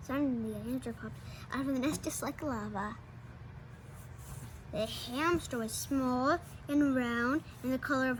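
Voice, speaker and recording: A woman reads a children's picture book aloud in a high voice, stumbling now and then and restarting a word. She adds small asides as she goes. A faint room hum stays under her. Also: moderate pace, low-quality recording. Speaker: storybook reader.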